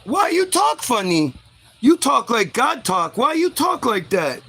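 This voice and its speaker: Man doing a dumb caveman Adam, broken grammar, slow pleading, high bright voice. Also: very animated, creaky, husky, exaggerated voice. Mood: dopey. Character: dim-witted caveman-talking Adam, male adult.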